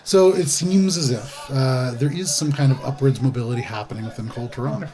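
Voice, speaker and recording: A man's voice: mid-range voice, fairly quick, a crowd in the background. Man narrating as game master. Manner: loose, descriptive, with many fillers.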